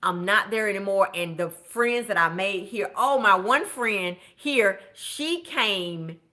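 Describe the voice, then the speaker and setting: A woman, a budget coach chatting casually with viewers in an animated way, shouting out greetings to them. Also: medium pitch, slow pace. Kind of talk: casual live-stream chat.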